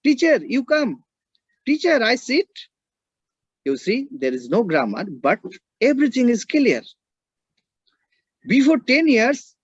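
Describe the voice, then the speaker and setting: A man's voice: high-pitched, dry recording. A man lecturing as a teacher and linguist, speaking. He keeps checking with the class and repeats his points for emphasis. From India. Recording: dull, dry lo-fi audio.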